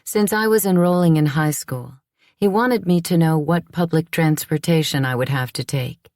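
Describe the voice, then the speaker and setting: A woman narrating an audiobook in the first person, with a measured, reflective delivery. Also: sits low, a little mellow, dry recording, studio quality.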